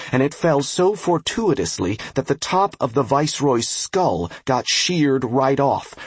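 A man narrating a fantasy game novel as an audiobook, with a steady, even storytelling delivery and a husky voice. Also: mid-range voice, no room sound. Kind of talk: scripted narration.

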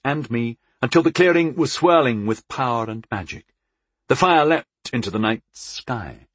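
A man reading a first-person fantasy audiobook with a husky, slightly breathy voice at a middle pitch. His delivery is measured and even, and the recording is dry and close with no room sound. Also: no room sound. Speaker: audiobook narrator.

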